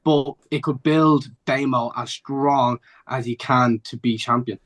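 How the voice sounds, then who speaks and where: A man's voice: medium pitch, steady tone, measured pace. Man giving firm opinions. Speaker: podcast co-host. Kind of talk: casual chat.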